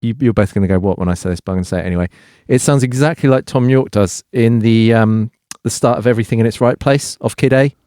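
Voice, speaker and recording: A man's voice: mid-range voice, fast, few pauses, warm tone, no echo, clean studio sound. Hesitant male podcast co-host. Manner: hesitant, musically detailed. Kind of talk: casual chat.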